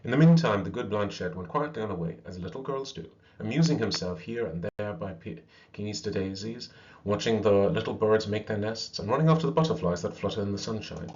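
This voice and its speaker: Male storyteller reading aloud, expressive, low voice, slightly muffled lo-fi audio. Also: a little fast, slight background noise.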